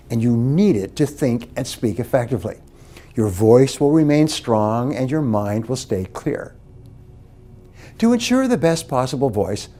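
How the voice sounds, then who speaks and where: A man's voice: medium pitch, warm tone. A man giving a motivational speech on speaking skills, stressing key words emphatically.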